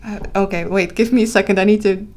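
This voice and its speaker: Fast and steady in tone, her medium-pitched voice carries a Dutch accent; she's a young woman from the Netherlands chatting casually on a live stream. Tired-sounding, she giggles a lot and repeatedly corrects herself and says sorry.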